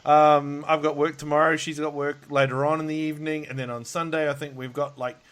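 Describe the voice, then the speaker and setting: A man chats loosely as a podcast host, sounding worn out. He rambles, laughs often and swears without a second thought. His voice sits a little high for a man. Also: little pitch movement, brisk, fairly bright tone. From Australia. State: tired. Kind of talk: casual chat. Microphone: video call.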